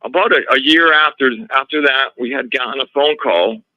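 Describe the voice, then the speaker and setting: A man being interviewed as a guest, telling a story from his own home in a casual, animated way, with frequent restarts and retold dialogue. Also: mid-range voice, normal speed, no echo. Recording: slightly dull lo-fi audio.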